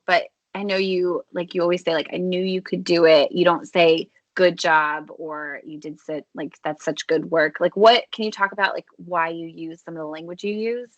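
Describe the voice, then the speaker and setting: A woman's voice: on the low side, fairly bright tone, dry recording. A woman hosting a podcast, prompting her guest with questions. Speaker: podcast host. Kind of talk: podcast interview.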